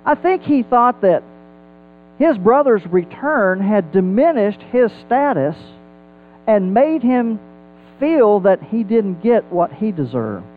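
A man with a high voice delivers a Bible sermon, swinging his pitch up and down as he asks rhetorical questions. The sound is thin and phone-like, with faint music underneath. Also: sing-song, slow pace. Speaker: preacher.

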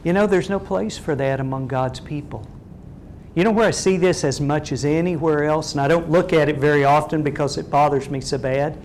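A man in middle age delivers a sermon, pressing his listeners with one direct question after another. His speaking voice sits somewhat high for a man. A faint low rumble runs under the recording. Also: brisk, darkish tone. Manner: earnest, asks the congregation many direct questions. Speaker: preacher.

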